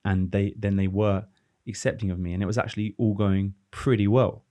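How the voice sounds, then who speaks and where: A man in his thirties, a former footballer, talking through his career in a relaxed, reflective podcast chat with many restarts. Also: fairly low pitch, brisk, no echo, clean studio sound. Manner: reflective, rambling with restarts and fillers. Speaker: former professional footballer, guest. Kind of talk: casual podcast conversation.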